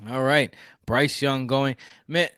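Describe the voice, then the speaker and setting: A man from Houston co-hosting a podcast, talking casually and jokingly with lively restarts. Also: mid-range voice, takes it slowly, smooth, no room sound, clean studio sound. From Houston, Texas. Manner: animated, jokey, frequent restarts. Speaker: podcast co-host. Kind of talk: casual fantasy football chat.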